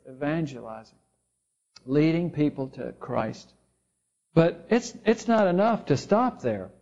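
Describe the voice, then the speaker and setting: A man's voice: high-pitched, darkish tone. A man preaching a sermon, telling stories in a conversational way and acting out the people in them. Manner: storytelling, conversational with quoted voices. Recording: dull lo-fi sound.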